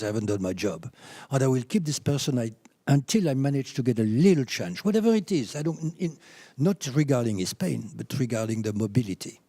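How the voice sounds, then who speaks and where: French-accented man with a mellow voice. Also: mid-range voice. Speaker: chiropractor, keynote speaker. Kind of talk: conference talk.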